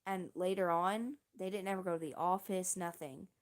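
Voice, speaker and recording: On a livestream, a woman streamer with a lowish voice and fairly even intonation casually tells a long story. She rambles and halts, restarting often and using lots of fillers along with casual swearing.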